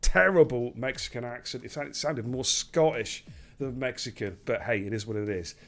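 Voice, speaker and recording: A man hosting a sim racing stream, commentating live and repeating phrases when he gets excited. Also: mid-range voice, normal speed.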